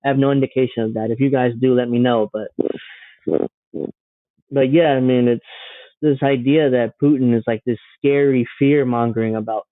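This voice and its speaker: A man's voice: medium pitch, fairly even intonation, normal speed, long pauses, no room sound. A man giving casual, sarcastic reaction commentary on a news clip, mocking and swearing freely. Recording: dry, phone-like narrow sound.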